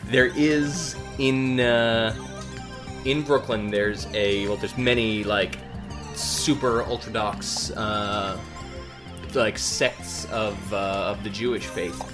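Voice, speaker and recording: A man co-hosting a podcast in casual, halting, rambling chat. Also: fairly low pitch, fairly even intonation, music in the background. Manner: rambling, halting, laughs often. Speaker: podcast co-host.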